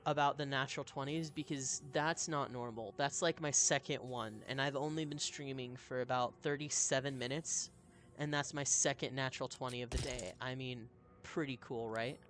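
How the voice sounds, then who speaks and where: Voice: medium pitch, a bit bright, a little hiss or hum. Upbeat, chatty game streamer. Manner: chatty, upbeat, reads chat aloud. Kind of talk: live gameplay commentary.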